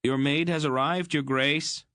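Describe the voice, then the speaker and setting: A man's voice: a little high, steady tone, unhurried, sharp tone, no room sound, studio quality, voice pushed up. A man voicing an earnest young farm boy who sounds pleading and incredulous.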